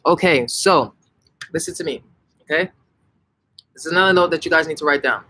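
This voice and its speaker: A young man chats through a live Q&A for his viewers. His voice sits a little high, and his delivery is animated and emphatic, with lots of "like" and quick restarts. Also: rough recording. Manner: animated, emphatic, frequent self-corrections and "like". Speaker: language-learning channel host answering viewer questions. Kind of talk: casual live Q&A.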